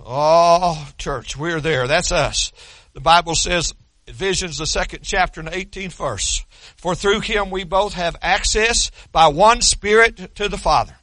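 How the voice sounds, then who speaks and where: Male pastor, high bright voice, emphatic repetitive preaching. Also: slow, no echo. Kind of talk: sermon.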